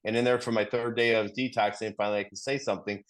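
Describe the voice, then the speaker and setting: A man's voice: on the low side, little pitch movement, fast talker. A middle-aged man sharing earnestly in a recovery study group, often repeating himself and restarting sentences as he tells a story.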